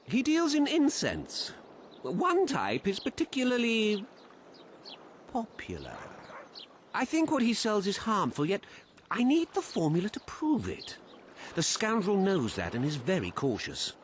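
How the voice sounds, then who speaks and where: A man's voice: sits high, huge pitch swings, unhurried, full character voice. An actor playing a secretive man in a game who asks a witcher for help in a blunt, bargaining way. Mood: scheming. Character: shifty male townsman asking a witcher for help. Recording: game audio with faint ambient noise.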